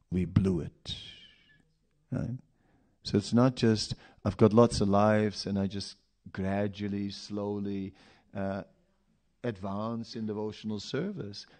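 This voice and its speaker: A man's voice: on the low side, dark tone. A man preaching a sermon in a storytelling manner, with rhetorical questions and asides.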